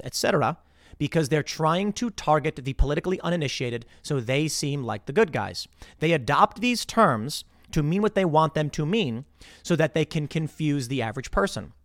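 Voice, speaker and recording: A man's voice: fairly high pitch, normal speed, no room sound, studio quality. A man in his thirties hosting a podcast, giving political commentary and acting out heated arguments. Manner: animated ranting, acts out heated bar arguments. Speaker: podcast host.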